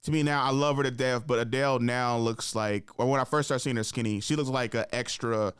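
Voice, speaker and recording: Podcast host guy, middle pitch, storytelling and ranting, laughs a lot, dead dry sound. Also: fairly quick, clear, resonant tone, no room sound. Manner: animated, laughing, worked-up rants; conversational storyteller. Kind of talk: casual podcast chat.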